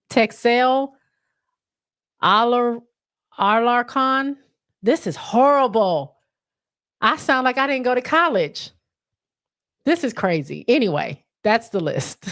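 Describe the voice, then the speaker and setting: Woman, livestream host, lowish voice, casual chat, reads comments aloud, trips over names.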